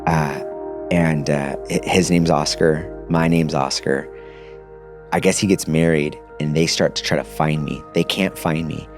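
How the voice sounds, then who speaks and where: Deep-voiced man telling his story. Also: a little slow, music in the background. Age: 30s. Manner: casual, animated retelling with slang like dude. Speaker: podcast guest. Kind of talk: personal testimony storytelling.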